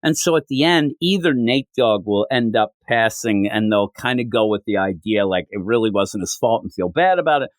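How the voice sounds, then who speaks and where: A man talks comics on a podcast, his pitch swinging high and low as he recaps the story. He keeps jumping into the characters' lines with quick little voices. The sound is dry and close, with no room around him. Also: no room sound. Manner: animated, acts out characters' lines while recapping. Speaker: podcast co-host. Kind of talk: casual comic book chat.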